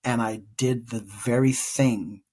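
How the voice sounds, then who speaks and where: A young man with a slightly husky, breathy voice recounts a personal story as a podcast co-host. He speaks earnestly and reflectively, his voice carrying open emotion as he works through a painful memory. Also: mid-range voice, fairly even intonation, slow, warm tone.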